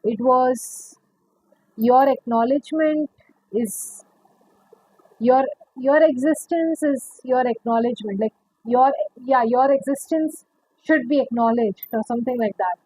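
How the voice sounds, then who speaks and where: A woman's voice: sits high, unhurried, mellow, poor audio. A woman giving a pick-a-card tarot reading, chatty and rambling, calling the viewer honey. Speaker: tarot reader.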